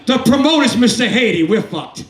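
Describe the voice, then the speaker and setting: A high-pitched man in his fifties tells crude, wandering stories on a comedy club stage and jokes with the audience. His voice comes from a distance and rings around an echoey room. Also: lively intonation, a little fast. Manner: crude, rambling storytelling with crowd work. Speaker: stand-up comedian. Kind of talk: stand-up set.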